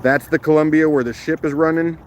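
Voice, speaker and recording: Chatty man with a higher voice, outdoors. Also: fairly even intonation, a little fast. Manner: chatty, greets viewers by name, laughs easily. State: rough morning voice. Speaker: live-stream host. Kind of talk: casual live-stream chat. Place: outdoors on a rocky riverbank shoreline. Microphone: phone held in one hand. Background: faint outdoor waterside ambience.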